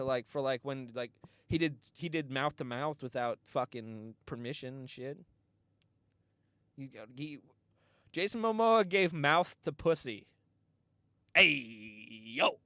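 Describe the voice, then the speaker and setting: Podcast host guy rambling through funny stories, swears a lot, laughs a lot, voice jumps all over the place, smooth and dry sound. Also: on the high side, fairly bright tone, no room sound. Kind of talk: casual comedic storytelling.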